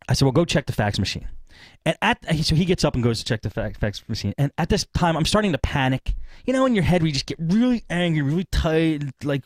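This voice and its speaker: Male podcast host, animated anecdote teller, fast delivery, dry mic. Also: mid-range voice, no room sound. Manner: rambling, animated retelling with acted-out quotes. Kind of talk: casual storytelling.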